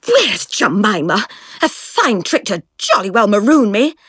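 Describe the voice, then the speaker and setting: A woman's voice: a little high, very animated, normal speed, husky, dry recording, studio quality, voice pushed up, exaggerated voice. Proud, cold schoolgirl in a temper, clipped and indignant, voiced by a woman reader. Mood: furious.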